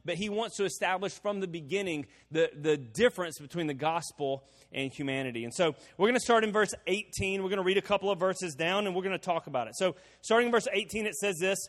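High-voiced pastor preaching in a reverberant hall. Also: male voice, fast talker, few pauses, fairly bright tone. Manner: conversational, asks the crowd rhetorical questions. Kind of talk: sermon. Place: church hall.

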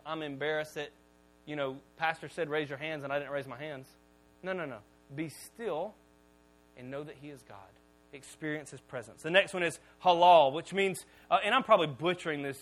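A middle-aged male pastor preaching a sermon, telling stories with lively acted-out quotes and sometimes dropping to a hushed voice. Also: poor audio. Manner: animated storytelling, acts out quotes with a loud pitch jump; drops to a soft, hushed voice for calm passages.

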